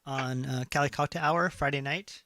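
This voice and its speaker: A man's voice: mid-range voice, steady tone, normal speed, sharp tone, dry recording. A man hosting a casual chat show, rambling with many fillers. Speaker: host.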